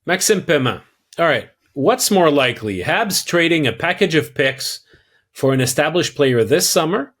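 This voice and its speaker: French Canadian man reading listener mail. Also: fairly high pitch. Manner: reads listener questions aloud, light self-deprecating humor. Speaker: podcast co-host. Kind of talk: casual podcast chat, reading a mailbag question.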